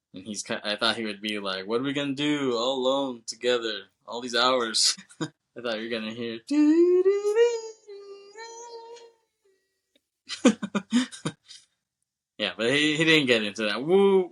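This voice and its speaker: Bright-voiced man recapping a movie. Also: on the low side. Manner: animated retelling with quick character quotes and laughs. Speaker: podcast co-host.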